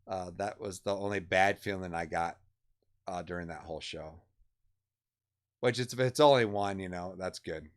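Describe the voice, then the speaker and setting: A man in his thirties co-hosting a casual stream, laid-back and hesitant, with plenty of pauses and fillers. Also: low-pitched. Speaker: stream co-host. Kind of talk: casual chat about video game awards.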